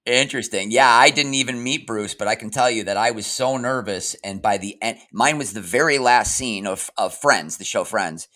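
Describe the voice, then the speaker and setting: A man's voice: on the low side, moderate pace, few pauses. Chatty male podcast host. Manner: relaxed, chatty, storytelling. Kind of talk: casual interview chat.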